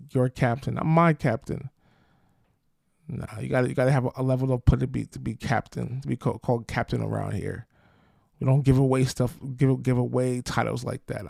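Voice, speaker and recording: A man's voice: mid-range voice, creaky, darkish tone, no room sound, clean studio sound. A man hosting a football podcast, talking in brash, slangy, trash-talking fan commentary.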